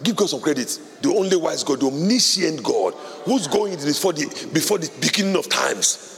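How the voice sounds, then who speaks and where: A male pastor preaching a sermon with fervor, building from quiet, urgent stretches to loud shouted declarations. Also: a little high, lively intonation, normal speed, vocal fry. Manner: fervent preaching, rising to shouts. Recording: long hall reverb.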